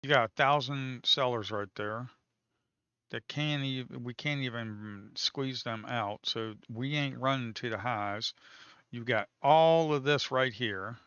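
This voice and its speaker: A man's voice: mid-range voice, slow pace, fairly bright tone, clear, resonant tone, dry recording, dull audio. A man commenting casually on live trading, talking to viewers as folks, swearing and teasing the market. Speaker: day trader streaming live.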